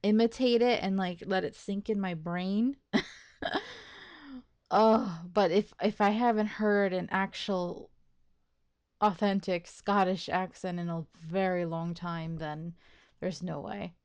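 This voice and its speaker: Slow, rambling woman gaming commentator. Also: mid-range voice, steady tone, darkish tone, smooth. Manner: rambling and self-deprecating, with frequent laughs; many fillers and restarts, thinking aloud. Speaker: let's play host. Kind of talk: casual gameplay commentary.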